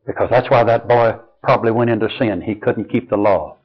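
An older man preaching a sermon and telling personal stories, slow and earnest, dropping soft and low on key lines. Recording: dull lo-fi recording.

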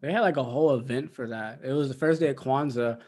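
A man's voice: mid-range voice, fast, darkish tone, slightly rough. A man co-hosting a podcast, chatting casually and telling stories with frequent laughter. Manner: storytelling, laughs often, acts out quotes. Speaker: podcast co-host and coach. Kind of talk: casual chat.

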